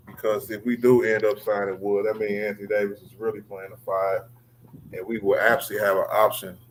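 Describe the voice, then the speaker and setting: Low-pitched man, slangy stream host, faint noisy line. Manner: loose, calls on guests, slangy. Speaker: livestream host. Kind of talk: casual sports talk.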